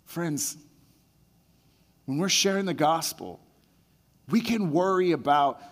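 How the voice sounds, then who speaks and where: A male pastor with a slightly raised pitch preaches a conversational sermon. He repeats his words and lets his excitement build while retelling a story. His voice rings out with the long reverb of a large hall. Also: takes it slowly.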